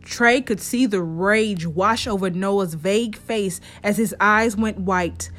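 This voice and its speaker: A woman narrating a story chapter in a steady storytelling manner. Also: mid-range voice, slow pace.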